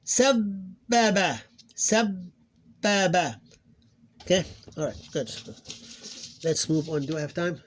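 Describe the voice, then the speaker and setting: A man's voice: on the high side, steady tone, normal speed, long pauses, a little hiss or hum. A man teaching Arabic phonics in an informal lesson, thinking aloud, correcting himself and stretching out the example words he models.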